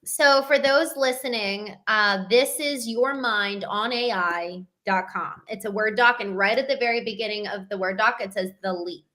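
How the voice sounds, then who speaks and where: A woman's voice: medium pitch, moderate pace, hardly any pauses, bright, forceful tone. A woman hosting a casual interview, giving short affirming responses and recapping her guest's points for listeners. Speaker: podcast host.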